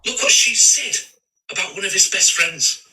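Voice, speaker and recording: A man's voice: sits high, lively intonation, moderate pace, sharp tone, far from the mic, slight background noise, poor audio. Man ranting on a livestream, off-mic. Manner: swearing, trading insults, stammering restarts. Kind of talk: heated livestream rant. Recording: voice a bit off-mic.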